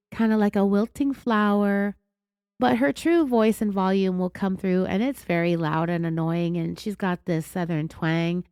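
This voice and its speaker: A woman with a California accent hosting a true crime podcast, raspy from being sick, telling the story in an indignant, sarcastic way. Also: mid-range voice, a little mellow, no room sound, clean studio sound. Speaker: podcast host.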